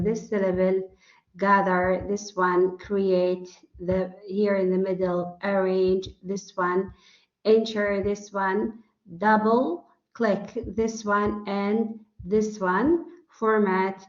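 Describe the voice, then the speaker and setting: A woman English teacher with an Arabic accent who explains step by step, with hesitant fillers, in a classroom lecture. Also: medium pitch. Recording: dull echoey room recording.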